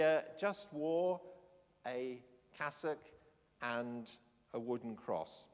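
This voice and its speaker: Man preaching in a reverberant hall. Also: a little high. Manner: earnest, reflective, with hesitant fillers. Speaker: preacher leading a church gathering. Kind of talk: storytelling sermon.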